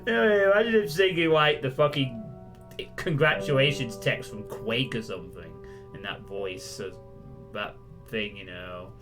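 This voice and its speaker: A man's voice: on the low side, steady tone, a little slow, over loud music. A man hosting a casual let's play, cracking jokes, swearing and laughing at himself as he plays. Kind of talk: casual gameplay commentary.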